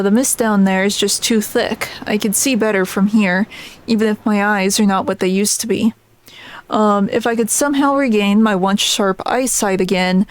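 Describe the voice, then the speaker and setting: A woman voices a grim, vengeful old fisherman from a game simply by reading his lines aloud as herself, plainly, with small stumbles on certain words. Her medium-pitched voice is close to everyday speech, and there's no room sound.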